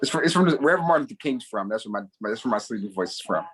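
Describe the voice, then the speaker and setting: A man's voice: mid-range voice, lively intonation, racing, a bit bright. A young man from West Virginia co-hosting a podcast, telling stories casually and laughing often. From Huntington, West Virginia. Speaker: podcast co-host. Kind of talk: casual chat.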